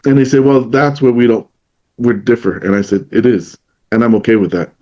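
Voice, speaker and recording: A man in a relaxed podcast chat, telling a long story and repeating what friends told him at a middle pitch. The sound is a little dull and lo-fi. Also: a little fast. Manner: storytelling, retells what others said in their voice. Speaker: podcast co-host. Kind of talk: casual conversation.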